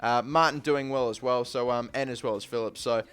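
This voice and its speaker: A young man giving casual, rambling let's-play commentary on a football video game, getting excited during the action. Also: medium pitch, a little fast, smooth. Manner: rambling, repeats "but still" and "to be completely honest"; gets excited calling match action. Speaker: gaming YouTuber.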